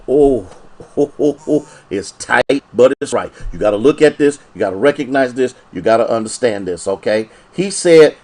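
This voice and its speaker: Animated preaching man, lively pitch. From Ohio. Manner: animated, repetitive call-and-response preaching. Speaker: pastor. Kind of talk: sermon.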